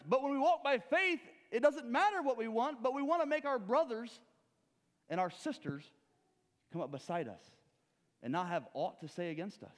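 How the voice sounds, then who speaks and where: A man preaching a sermon, swinging from loud urging to hushed low asides, with rhetorical questions and acted-out stories. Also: sing-song, normal speed, in a large hall.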